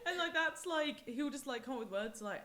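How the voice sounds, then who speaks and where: A young woman from England co-hosting a podcast, telling stories in a casual, animated way. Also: a little fast. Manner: animated storytelling, acts out quoted people with big pitch jumps. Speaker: podcast co-host. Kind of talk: casual chat.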